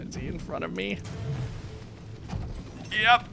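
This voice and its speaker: Male gamer with a very high, unhurried voice; exclamatory horror-game commentary. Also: animated, over music. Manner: jumpy, exclamatory, talks to himself while playing.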